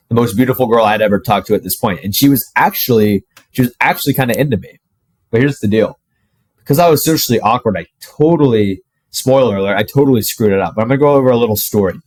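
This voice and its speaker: A young man telling a personal story to camera in a casual, animated way, full of "like" and the odd swear word. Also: fairly low pitch, dry recording, low-quality recording. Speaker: dating coach.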